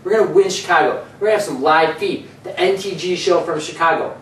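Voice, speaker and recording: A man with a somewhat high, steady voice talks quickly as host of a casual comedy gaming show, with slight background noise. He rambles and jokes, often slipping into put-on voices. The mic sits at a distance in an echoey room with faint ambience.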